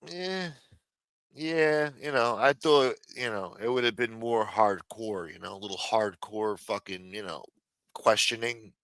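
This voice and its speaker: A man's voice: lowish voice, unhurried, a bit bright, clean tone, no echo. A man ranting casually on a livestream, swearing constantly and getting heated as he mocks people. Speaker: livestream commentator. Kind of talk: casual profane rant.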